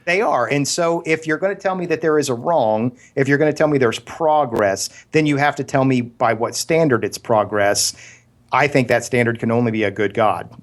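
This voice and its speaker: A man's voice: mid-range voice, moderate pace. A man co-hosting a casual podcast, arguing earnestly with stumbling restarts and absurd analogies. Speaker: podcast co-host. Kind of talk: casual argumentative discussion.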